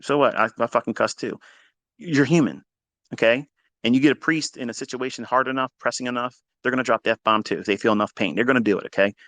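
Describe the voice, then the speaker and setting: A man's voice: medium pitch, quick pace, a bit bright, no echo. A man coaching traders in a blunt, profane motivational monologue. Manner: profane, emphatic, preachy. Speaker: trading coach.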